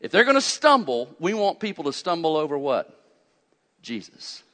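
A man preaching a fiery sermon, swinging from loud urgent peaks to quiet low asides and asking his congregation questions. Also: very animated, normal speed. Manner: asks the congregation questions and answers them. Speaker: pastor. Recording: long hall reverb.

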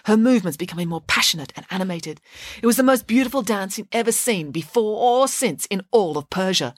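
A woman storyteller giving an expressive, animated bedtime story narration. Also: medium pitch, fairly quick, dry recording.

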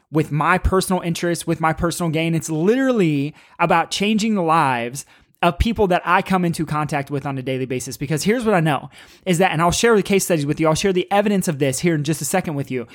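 A man hosting his own podcast as a chiropractor, talking in a fired-up, emphatic way and repeating key phrases for punch. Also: fairly high pitch. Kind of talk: motivational solo podcast talk.

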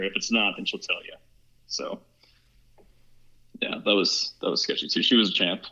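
A young man from Ohio rattles off a story at high speed, his lowish voice edged and sharp. He rambles casually, stuffing every sentence with "like" and "you know". The recording sounds dull and lo-fi. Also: quick pace, long pauses, slightly rough. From Ohio, USA. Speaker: podcast guest. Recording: muffled lo-fi recording.

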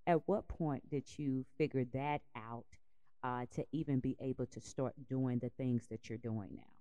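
Host: woman, very low warm voice, encouraging, dry sound. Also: steady tone, moderate pace, smooth, no echo, lo-fi sound. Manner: encouraging, affirming. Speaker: interview host. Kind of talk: interview host questions.

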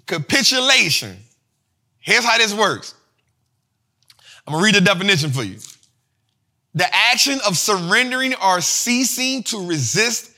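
High, bright-voiced male investing host. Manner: slangy, repetitive, animated explaining. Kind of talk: casual finance teaching.

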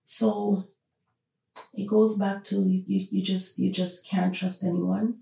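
A woman's voice: mid-range voice, little pitch movement, takes it slowly, creaky, warm tone. A woman hosting a podcast, talking through her opinions with emphatic, repeated rhetorical questions. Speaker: podcast host. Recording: roomy, distant from the mic.

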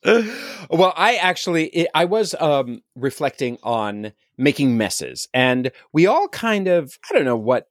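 A man co-hosting a parenting podcast in casual chat, rambling and gentle. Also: on the high side, big pitch swings, a little slow, hardly any pauses, no room sound, clean studio sound. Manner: rambling, restarts, gentle and chatty. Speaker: podcast co-host.

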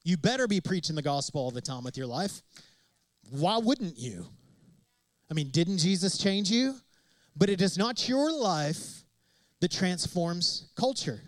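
A man's voice: high-pitched, animated, a little slow, dry recording, poor audio. A man preaching a sermon as pastor, emphatic and repetitive, asking rhetorical questions of his congregation.

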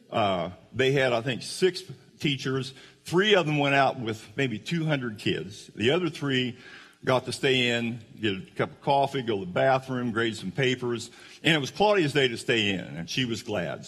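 A man's voice: medium pitch, a bit bright, breathy edge. A man giving a folksy storytelling sermon who speaks directly to the audience. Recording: long hall reverb.

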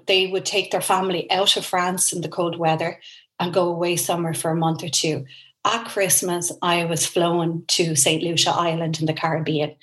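On a rough recording, an Irish woman with a lowish voice, a guest in an interview, tells a personal story with feeling, earnest, emotional and animated.

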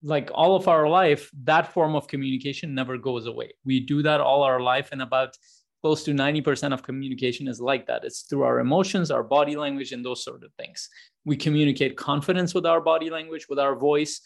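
A man's voice: mid-range voice, fairly even intonation, fairly quick, gravelly. A man in his thirties hosting a podcast, talking in a casual, rambling way with frequent restarts. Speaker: podcast host.

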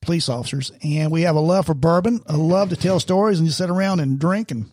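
Older male co-host, higher-pitched, husky, dry close sound, chatty and teasing. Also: fast, darkish tone, dry recording. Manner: talkative, teasing. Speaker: podcast co-host. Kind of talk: casual chat.

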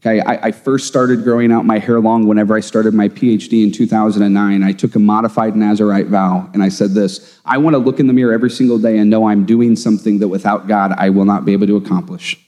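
A man's voice: lowish voice, fast talker, few pauses. A man who teaches theology, talking casually and emphatically, telling stories in a podcast conversation. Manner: animated, emphatic storyteller. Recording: long room reverb.

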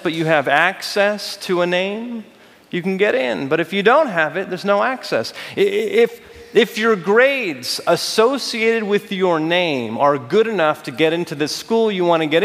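A man with a high voice preaches a sermon and tells a personal story, acting out the people he quotes with lively shifts. His voice rings through a long reverberant hall. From United States. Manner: animated storytelling with acted-out quotes. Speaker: pastor.

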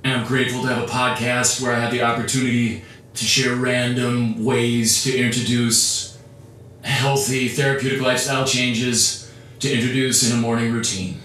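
Male podcast host, mid pitch, narrating his own routine off-mic in an echoey room with faint music. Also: fairly even intonation, moderate pace, a bit bright, distant mic, slight background noise. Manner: narrates his actions as he goes, upbeat. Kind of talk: casual podcast walkthrough of a morning routine.

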